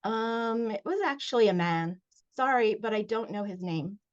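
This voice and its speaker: A woman's voice: medium pitch, expressive, normal speed, lightly acted. A woman reading the lines of a polite, friendly teenage boy at summer camp, over a dull, lo-fi video call.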